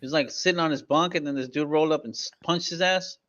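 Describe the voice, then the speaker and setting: Young male co-host, bright and forceful tone, slightly high, blunt profane interjections, lo-fi mic. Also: fast talker. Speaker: podcast co-host. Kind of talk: casual chat. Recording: dull lo-fi mic.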